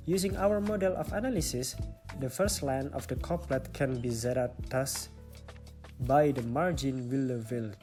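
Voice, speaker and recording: Presenting a stylistics lesson for class, a young man with an Indonesian accent explains each point in turn. He speaks in a slightly high voice that has a darkish tone.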